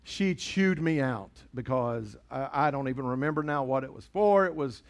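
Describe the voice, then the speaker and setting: A man's voice: mid-range voice, expressive, normal speed. A middle-aged man, a pastor preaching a sermon in a chatty storytelling way. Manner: storytelling, conversational preaching with acted dialogue.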